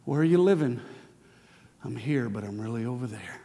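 Gravelly preaching man, echoing church. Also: medium pitch, lively intonation, normal speed. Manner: swings from hushed whispers to shouted exhortation. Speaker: pastor. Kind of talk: sermon.

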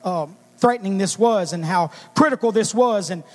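High-voiced preacher in a reverberant church. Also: male voice, moderate pace. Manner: swings from quiet storytelling to shouted praise. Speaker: preacher giving testimony. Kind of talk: testimony sermon. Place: church sanctuary.

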